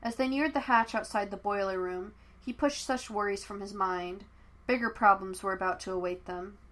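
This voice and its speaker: A woman narrating fan fiction as an audiobook, telling the story in a steady, even way. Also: medium pitch, moderate pace.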